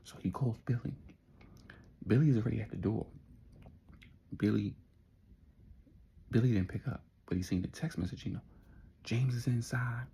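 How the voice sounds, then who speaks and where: A man's voice: lowish voice, moderate pace, gravelly, pauses often, warm tone, breathy edge. A man telling a story in a casual, slangy, laid-back way, adding his own sound effects.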